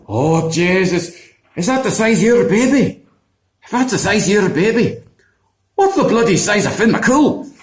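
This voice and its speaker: A man's voice: high-pitched, sing-song, moderate pace, voice pushed up. A man doing a bellowing Scottish giant. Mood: panicked. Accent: put-on Scottish. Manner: loud, bellowing, demanding. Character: hulking blustering male Scottish giant. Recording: echoey room.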